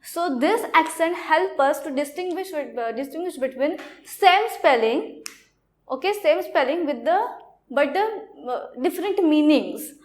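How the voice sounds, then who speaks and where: A woman with an Indian accent teaches a language lesson in a high voice. She speaks slowly and halts often, repeating phrases as she explains each point. The delivery is plain classroom lecturing. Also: expressive. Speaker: French teacher.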